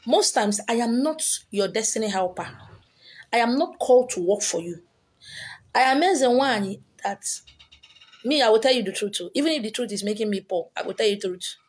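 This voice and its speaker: A woman's voice: a little high, lively intonation, a little fast, husky. A woman with a Nigerian accent, a spiritual teacher lecturing her viewers in a monologue, emphatic and repetitive, scolding them with rhetorical questions. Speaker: spiritual teacher selling handouts.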